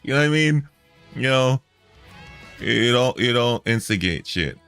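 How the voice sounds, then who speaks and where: A man's voice: mid-range voice, animated, a little slow, a bit bright, clear, resonant tone, soft background music. A man streaming a reaction video, talking in a heated, profane, repetitive way.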